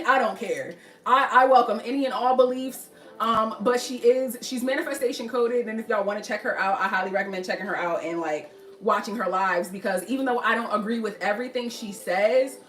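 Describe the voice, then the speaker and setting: A chatty young woman with a Philadelphia accent, talking straight to her livestream viewers in a fairly high voice. She sits back from the mic in a roomy space, with faint music underneath. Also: fairly bright tone, recorded from a distance. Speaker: livestream host. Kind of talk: casual livestream chat.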